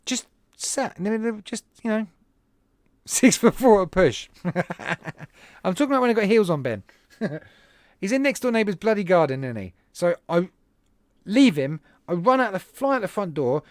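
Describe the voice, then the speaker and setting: A man hosting a podcast, telling a rambling, animated story to his live chat at home with self-deprecating asides. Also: high voice, moderate pace, long pauses, dry recording, clean studio sound. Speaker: podcast host.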